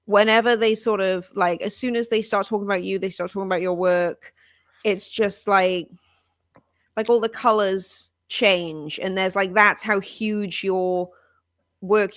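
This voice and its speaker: A bubbly woman with a softened Welsh accent that leans British, co-hosting a relaxed livestream chat. She talks in a mid-pitched voice and gushes freely. The sound is dry and close, as on a video call. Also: a little slow, dry recording. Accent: softened Welsh, leaning British. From Wales. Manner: bubbly, gushing, laughs often. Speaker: co-host.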